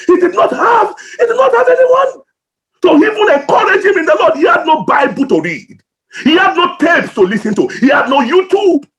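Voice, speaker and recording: A man preaching with a very high voice that leaps and plunges across a huge range. He is a pastor from Nigeria, impassioned and emotional, bursting into shouts and then falling to near-whispers. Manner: impassioned preaching with sudden shouts and hushed drops. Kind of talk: sermon.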